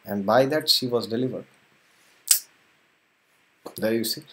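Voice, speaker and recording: A man teaches a spiritual lesson by retelling an old scripture tale. His voice sits at a mid pitch, and he chuckles often along the way. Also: unhurried. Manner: chuckles often, animated retelling with acted quotes.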